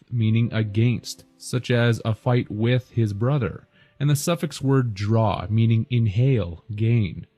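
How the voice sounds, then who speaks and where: Mellow-voiced man narrating over faint music. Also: medium pitch, dry recording. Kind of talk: scripted narration.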